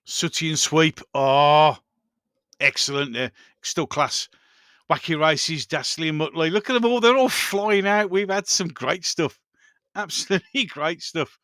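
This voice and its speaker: A man hosts a relaxed livestream chat with lots of enthusiasm, repeating his favourite words and laughing easily. His voice sits a little high and sounds bright and forceful. The sound is close and dry, with no room around it. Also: unhurried, no echo. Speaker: livestream host. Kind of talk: casual live chat reading viewer comments.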